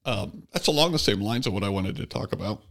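A man co-hosting a podcast in casual chat, throwing in quick jokes. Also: on the low side, expressive, fairly bright tone. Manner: joking, quick quips. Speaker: podcast co-host.

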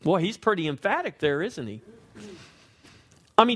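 High-voiced emphatic male preacher. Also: big pitch swings, a bit bright. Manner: emphatic, asks the congregation questions; slows down and stresses key words. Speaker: pastor. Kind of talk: sermon.

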